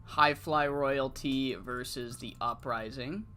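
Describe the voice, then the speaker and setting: A relaxed streamer talks through a wrestling management sim at an unhurried pace, his medium-pitched voice set against faint background music. The casual gameplay commentary rambles, with free swearing and sudden excited rants about the game.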